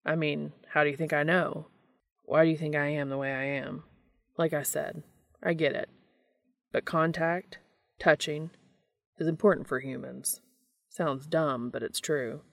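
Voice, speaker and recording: A woman doing a low, awkward gruff hunter. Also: steady tone, measured pace, long pauses. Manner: low, hushed and hesitant.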